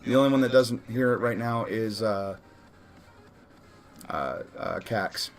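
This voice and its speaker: Guy running a tabletop rpg, laid back, laughs a lot, fixes his own slips, soft music in the back. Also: fairly low pitch, a little slow. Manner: casual, laughing, correcting himself. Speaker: game master. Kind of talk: running a tabletop game session.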